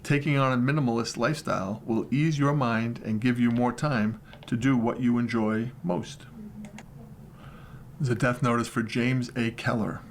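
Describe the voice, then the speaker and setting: A man reading newspaper horoscopes, death notices and comics aloud in a steady, plain manner. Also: mid-range voice, normal speed, slight background noise. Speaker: volunteer newspaper reader. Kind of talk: read-aloud news and features.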